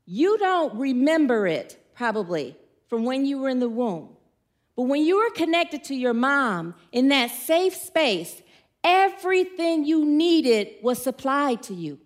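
A middle-aged woman giving an informal sermon, chatty and playful, telling stories and putting questions to the congregation. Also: high voice. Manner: warm, chatty, playful storytelling with audience questions. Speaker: speaker at a church gathering.

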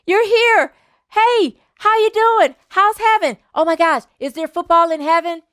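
A woman voicing an excitable old man in his nineties, high-pitched and breathless with excitement. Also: a little slow, dry recording, clean studio sound. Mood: overjoyed.

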